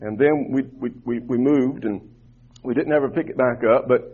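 A man's voice: mid-range voice, moderate pace, husky. A man preaching a sermon to his congregation as their pastor, fervent and repeating words as he builds his points. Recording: tinny phone-like line, muffled.

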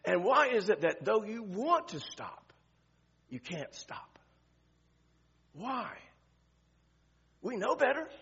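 An older man preaches in a high, gravelly voice that swings up and down a lot. He talks to his congregation in a conversational way, asking rhetorical questions and often restarting his sentences. The recording sounds dull and lo-fi. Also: very animated, takes it slowly, long pauses, a bit bright. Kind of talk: sermon.

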